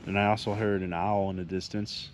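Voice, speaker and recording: A man's voice: on the low side, little pitch movement, brisk. A man vlogging a solo camping trip at a forest campsite, talking casually to the camera as he cooks and camps. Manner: easygoing, talks to camera while cooking, sometimes murmurs softly. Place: forest campsite outdoors by a fire. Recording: outdoor noise in the background.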